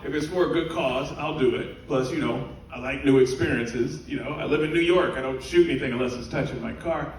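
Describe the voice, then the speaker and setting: A man performing a stand-up comedy routine on stage, telling stories in an animated way. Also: fairly high pitch. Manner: animated storytelling with laughter. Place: cruise ship theater, live audience. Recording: echoey room from far off, audience noise.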